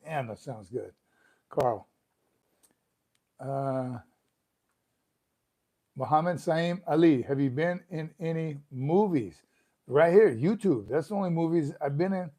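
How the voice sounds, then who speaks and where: A man's voice: fairly high pitch, slow pace, pauses often, warm tone. Upbeat man chatting through a live stream. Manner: upbeat, chatty, greets viewers by name. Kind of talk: casual livestream chat reading comments. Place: room at home.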